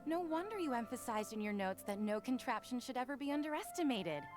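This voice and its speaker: A woman's voice: a little high, animated, a little fast, natural voice. A woman voicing a polite, earnest young assistant in a video game. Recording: game audio with faint music.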